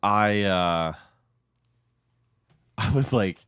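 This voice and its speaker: A man's voice: lowish voice, extremely slow, a bit bright, clear, resonant tone, no room sound, soft background music. A man chatting casually while streaming a game, rambling between topics and laughing often. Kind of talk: casual chat while gaming.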